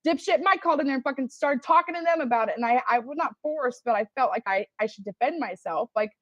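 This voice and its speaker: A woman's voice: high-pitched, fast talker, a bit bright, no room sound, muffled recording. A woman defending herself in a heated casual argument over voice chat, swearing constantly and sounding exasperated. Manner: defensive, profane, exasperated ranting. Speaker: livestream participant.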